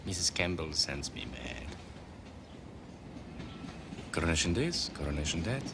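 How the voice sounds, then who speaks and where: A man's voice: a bass voice, sing-song, measured pace, noisy background, full character voice. A man playing a bitter, hard-drinking Polish immigrant in 1950s Australia, speaking broken English with a Polish accent. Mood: brooding. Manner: broken English, brooding then boisterous. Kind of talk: film drama acting.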